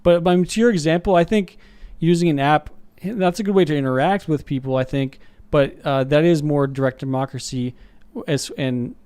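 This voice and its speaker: A studio guest on a talk show, speaking casually and rambling with many fillers. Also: male voice, fairly high pitch, a little fast, a little mellow, smooth, no echo. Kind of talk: casual discussion.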